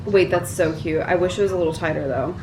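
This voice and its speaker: A woman's voice: on the low side, quick pace, noisy background. A young woman vlogger chatting casually while she crafts, gushing and filling her talk with "like" and sighs. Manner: gushing, filler-heavy, breathy sighs.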